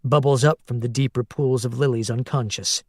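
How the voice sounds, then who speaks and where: A male narrator reads a tense story in a steady, measured voice. His voice sits at a middle pitch, recorded dry and close with no room sound. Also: no echo. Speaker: audiobook narrator. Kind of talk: scripted narration.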